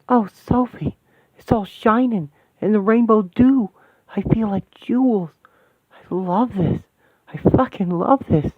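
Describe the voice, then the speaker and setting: A man's voice: mid-range voice, measured pace, natural voice. A man voicing a young woman mystic in a fan radio play, talking in breathless wonder and explaining mystic symbols. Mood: rapturous. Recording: tinny dry lo-fi sound.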